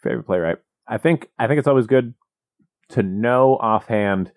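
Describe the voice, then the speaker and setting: A man co-hosting a casual comedy podcast, telling stories in a wry, animated way. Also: fairly low pitch, moderate pace, dry recording, clean studio sound. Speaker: podcast co-host.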